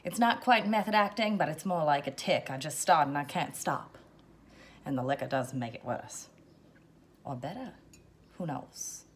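A woman with a low voice hosts a home cocktail show in a relaxed, chatty way. She plays around with a put-on continental accent that comes and goes. A faint hiss sits under the recording. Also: moderate pace. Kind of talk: casual how-to chat.

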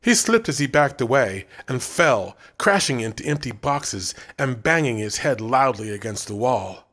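A man narrating a story as an audiobook reader, with a dramatic, expressive delivery. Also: medium pitch, unhurried.

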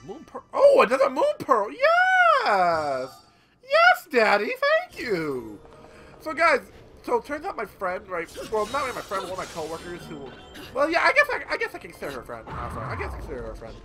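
Man gameplay streamer, animated, rambling, swears a lot, game music loud underneath. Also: sits high, fast talker, rough recording. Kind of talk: casual gameplay commentary. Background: game music and sound effects.

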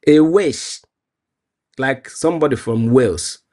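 Speaking a little slowly in a medium-pitched, darkish voice, a Nigerian-accented man from Nigeria answers street interview questions. He comes across as earnest and proud, laughing readily in the casual exchange.

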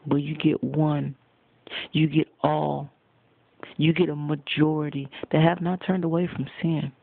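A man preaching a sermon, addressing his listeners directly and accusingly at a deliberate pace. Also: on the high side, little pitch movement, gravelly, no room sound. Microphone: phone. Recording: tinny phone recording, dry.

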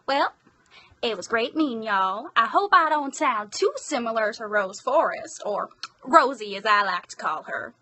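A woman's voice: on the high side, lively intonation, a little slow, bright, forceful tone, full character voice. A woman voicing a cheery country cowgirl with a rural Southern accent and a hearty, folksy delivery.

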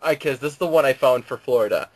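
A man's voice: mid-range voice, fast talker. A man hosting a casual podcast, reading out weird news in a mock newscaster delivery.

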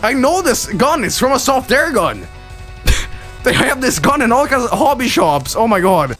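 A man's voice: very high-pitched, big pitch swings, moderate pace, music in the background. A man doing profane, mocking let's play commentary on bad games, laughing often. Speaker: streamer.

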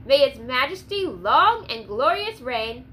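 An old gray-haired fiddler calls out flowery toasts to settle a tavern quarrel, as a woman reading a storybook puts him on. The voice is high and bright, with a faint hiss underneath. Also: big pitch swings, unhurried, heavily acted. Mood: orating. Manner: rousing, orating toasts.

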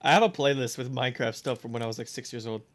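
A man's voice: mid-range voice, fairly even intonation, rapid-fire, a little hiss or hum. A young man playing a game on stream and joking with a friend, laughing often and swearing. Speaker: gamer streaming a playthrough. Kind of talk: casual gaming banter.

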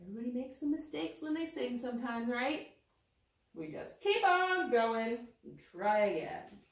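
A woman's voice: fairly high pitch, animated, moderate pace, reverberant. Sing-song woman reading to toddlers. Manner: sing-song, gentle and playful, talking to toddlers. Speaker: children's librarian. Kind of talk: baby storytime with songs and reading.

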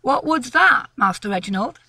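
Gruff old rural woodman near eighty, country dialect, dry close sound, read by a woman. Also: a little high, lively intonation, moderate pace, sharp tone, no room sound, exaggerated voice. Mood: grumbling. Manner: country dialect speech, grumbling.

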